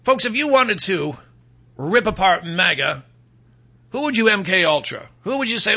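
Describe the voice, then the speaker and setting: A man's voice: high-pitched, big pitch swings, normal speed, bright, forceful tone, slightly rough. A middle-aged man hosting a political commentary monologue, sarcastic and mocking, rambling with fillers and restarts.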